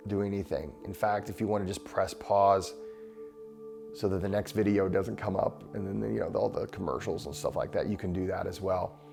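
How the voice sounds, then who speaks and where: A man hosting a show, leading a guided breathing exercise in a slow, soothing, encouraging way. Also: sits low, gravelly. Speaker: breathwork host.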